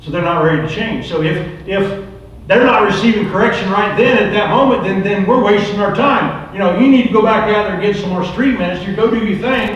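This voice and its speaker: Brief: middle-aged male preacher, high voice, repetitive rhetorical style, distant mic in a very echoey room. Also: muffled recording, a little hiss or hum. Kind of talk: recovery ministry sermon.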